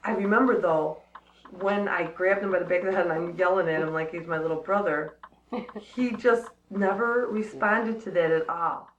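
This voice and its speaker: A woman's voice: fairly low pitch, normal speed, roomy sound, slight background noise, low-quality recording. A woman casually telling a personal story to friends, laughing often and acting out what people said. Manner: animated, laughs often, acts out quotes.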